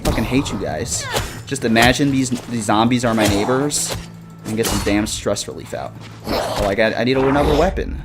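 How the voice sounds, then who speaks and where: A young man streaming a video game and chatting casually with viewers in a loose, slangy way, cursing often and calling people bro. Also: medium pitch. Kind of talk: casual gaming stream chat.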